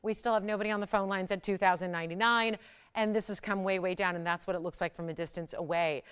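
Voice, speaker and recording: A woman hosting a live shopping channel, pitching jewelry in a chatty, persuasive way that builds to excited peaks. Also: fast, clear, resonant tone.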